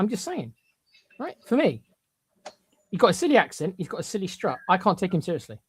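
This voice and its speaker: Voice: mid-range voice, wildly swooping pitch, fairly quick, long pauses, slightly rough. A podcast co-host giving blunt, emphatic opinions, often stumbling into repeated restarts.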